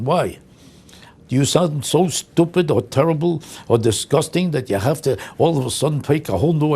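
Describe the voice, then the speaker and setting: An older man in a comic monologue, sounding indignant and incredulous as he piles up exasperated insults. His voice sits at an ordinary male pitch, and he speaks as if to a camera at home. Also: gravelly, dark tone, slightly rough. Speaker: comedian. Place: home vlog.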